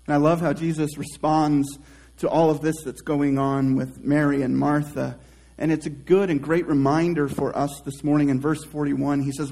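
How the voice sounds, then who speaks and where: A male pastor preaching a sermon, reflective and conversational, trailing off softly at the ends of phrases and restarting himself in casual asides. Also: on the high side, poor audio. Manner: slow, reflective preaching with drawn-out soft phrase endings.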